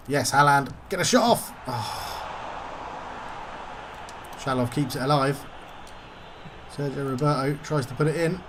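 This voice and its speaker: A man's voice: a little high, noisy background. A man commentating his own football video game session, getting frustrated and swearing at the game. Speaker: gaming YouTuber.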